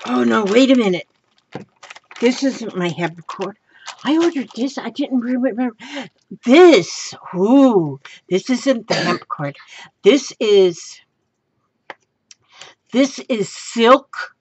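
A woman's voice: fairly high pitch, slow, pauses often, breathy edge, dull audio. A woman making a casual craft vlog at home, gushing and exclaiming over her supplies. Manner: gushing, excitable, exclaims often. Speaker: craft vlogger.

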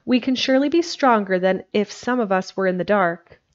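A woman's voice: medium pitch, animated, fairly quick, natural voice. A woman voicing an earnest, brave young Victorian wife, speaking in a pleading way over a dull lo-fi recording.

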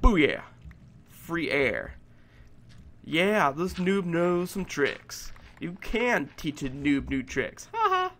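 A man giving let's play commentary, excitable and profane, shouting at game monsters. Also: on the high side, slow. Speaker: gameplay commentator.

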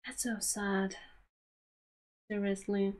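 A woman commenting on an anime episode as she watches it. She talks unhurriedly and reacts emotionally, urging the characters on and laughing now and then. Her pitch sits in a middle range. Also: little pitch movement, slow, a little mellow.

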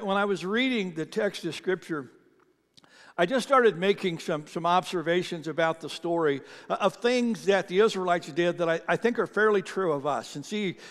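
A man preaching a sermon as pastor, conversational, often repeating words and swinging between loud emphasis and quiet asides. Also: on the high side, in a large hall. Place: church sanctuary.

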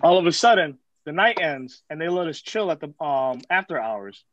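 A man telling a story to friends in profane, slangy, animated casual talk as host of a vlog. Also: fairly high pitch, moderate pace, dry recording, muffled recording.

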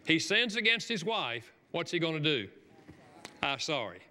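A man's voice: a little high, very animated, normal speed, bright, forceful tone. A man preaching a sermon in a church, earnest and conversational, lifting his voice for emphasis as he tells stories. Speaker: guest preacher and author. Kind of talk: sermon with storytelling. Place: church sanctuary. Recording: long reverb of a church hall.

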